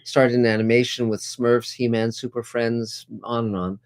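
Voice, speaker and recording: A man's voice: mid-range voice, little pitch movement, normal speed. A middle-aged man hosting a casual group video call, upbeat and chatty with lots of fillers. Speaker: host.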